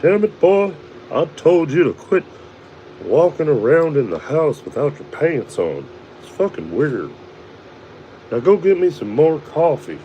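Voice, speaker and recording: A man putting on the voice of a gruff, cranky cartoon dad who barks at his son. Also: on the high side, sing-song, unhurried, lo-fi sound, slight background noise, voice pushed up. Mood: scolding.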